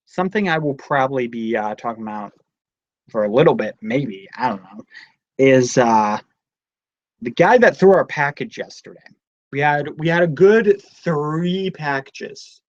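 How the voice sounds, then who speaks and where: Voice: mid-range voice, dry recording, muffled recording. A young adult host chatting casually on a live stream at home, telling rambling stories in a chatty way. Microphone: device camera mic close up.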